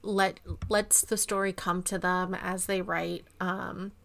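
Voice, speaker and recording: A woman's voice: fairly low pitch, flat delivery, slow pace, creaky, a bit bright. A woman co-hosting a chat show about writing, enthusiastic and affirming. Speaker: podcast co-host, book editor. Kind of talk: casual chat.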